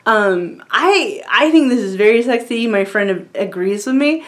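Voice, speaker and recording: Chatty, giggly woman with a higher voice. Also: lively intonation, moderate pace. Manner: rambling and giggly, many fillers. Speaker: vlogger. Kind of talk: casual chat to camera.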